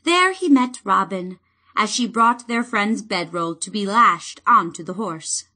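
Female audiobook narrator for fantasy; bright tone, lively pitch, slow measured delivery.

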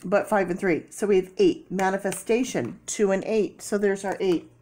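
A woman giving a casual tarot reading, chatty with many fillers and sudden excited bursts. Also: medium pitch, normal speed. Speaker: tarot reader.

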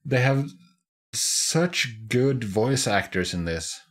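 A man's voice: mid-range voice, expressive, slow pace. A man hosting a reaction video, giving casual, amused commentary with chuckling asides.

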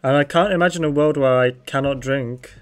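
A man's voice: medium pitch, fairly quick, clear, resonant tone, soft background music. A man streaming a game, chatting playfully and giggling, with sudden yelps when things go wrong. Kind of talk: casual gaming chat.

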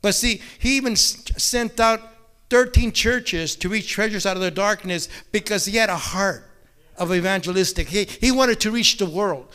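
High-voiced man preaching a sermon. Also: moderate pace, bright, forceful tone, clean tone. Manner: repeats amen often, folksy joke-telling, bilingual. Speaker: pastor. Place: church sanctuary.

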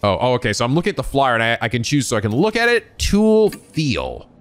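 A man hosting a let's play, reading the game text aloud and reacting with excitable commentary. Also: medium pitch, a little fast, no room sound.

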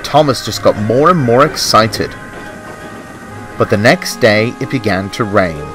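A man narrating a children's railway story in an expressive reading voice. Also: lowish voice, a little slow, music in the background, poor audio.

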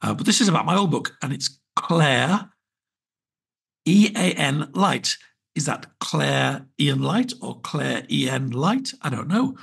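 A man's voice: on the high side, very animated, measured pace, creaky, fairly bright tone, husky. A British man hosting his podcast alone, chatting in a wry, rambling way full of small asides. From Britain. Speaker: podcast host. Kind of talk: casual solo podcast chat.

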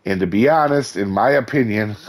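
A man with a hoarse, fading voice hosting a casual game guide, chatty and enthusiastic, with many fillers and restarts. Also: on the low side, moderate pace. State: hoarse, losing his voice. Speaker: gaming channel host.

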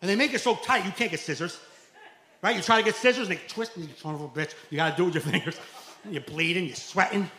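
Loud New comic in an echoey club. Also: male voice, high-pitched, fast talker. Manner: loud storytelling with acted quotes, shouting punchlines. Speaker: stand-up comedian. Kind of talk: stand-up set. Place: comedy club stage. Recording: echoey club room, faint noise.

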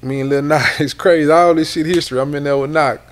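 A man's voice: a little high, fairly even intonation, quick pace. A middle-aged man with a Houston accent, a rapper telling long rambling stories in a casual interview, repeating words and swearing often. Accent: Houston Southern. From Houston, Texas.

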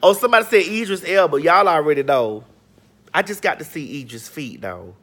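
A middle-aged woman hosting a casual gossip chat, sassy and flamboyant with long drawn-out exclamations. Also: deep voice, expressive, fairly bright tone. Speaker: vlog host.

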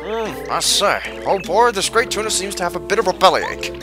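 A man's voice: high-pitched, animated, fairly quick, music in the background, poor audio. A man voicing a pompous male archaeologist explorer in a put-on posh British accent, plummy and theatrical.

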